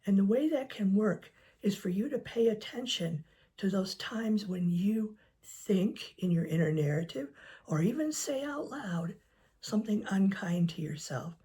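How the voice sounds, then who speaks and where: A woman counselor giving gentle advice to camera, soft-spoken and often dropping to a near whisper. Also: mid-range voice, animated, a little slow. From United States. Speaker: licensed professional counselor. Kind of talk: calm advice talk to camera.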